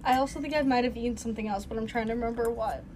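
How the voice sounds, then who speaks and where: A young woman co-hosting a podcast in casual chat, talking quickly and laughing often. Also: on the high side, darkish tone, slight background noise. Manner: fast-talking, giggly. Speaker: podcast co-host.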